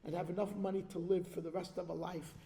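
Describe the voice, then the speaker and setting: A man giving a sermon at an organization's event, telling a religious story with animated delivery and checking in with the audience. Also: high-pitched, fast. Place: large hall at an event. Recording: long reverb of a large hall.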